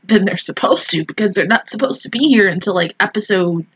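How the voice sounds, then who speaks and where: A woman's voice: mid-range voice, brisk, breathy edge, no room sound, rough recording. A woman giving casual, emotional commentary as she reacts to an anime episode, exclaiming, slangy and swearing freely.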